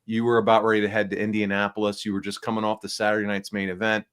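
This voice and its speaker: Man, podcast host, low voice, stuffy nasal sound from a cold, chatty, rambling. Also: monotone, rapid-fire, fairly bright tone, clear, resonant tone. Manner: upbeat, rambling with fillers. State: nasal and congested from flu. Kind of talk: casual podcast chat. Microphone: small backup microphone.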